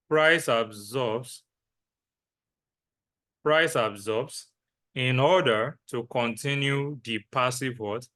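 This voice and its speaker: Male trading teacher, slow and deliberate, bright voice, asks and answers his own questions. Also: mid-range voice. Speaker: trading instructor. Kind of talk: lecture with repetition.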